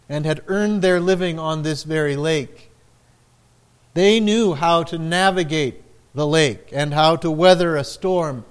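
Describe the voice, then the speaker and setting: A male pastor delivering a sermon at a deliberate, unhurried pace. His voice sits a little higher than most men's, and he lifts it for the dramatic quoted lines. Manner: slow, measured preaching with dramatic quoted lines.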